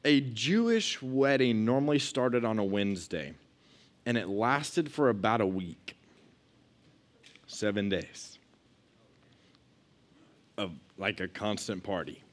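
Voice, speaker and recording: A man teaching a youth Bible lesson in a chatty, animated way, acting out the lines he quotes. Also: fairly low pitch, slow, long pauses.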